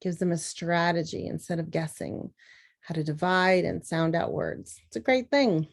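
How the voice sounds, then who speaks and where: A woman's voice: on the low side, normal speed, vocal fry. A woman giving a patient phonics lesson to teachers, sounding out words as she writes. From Southern US.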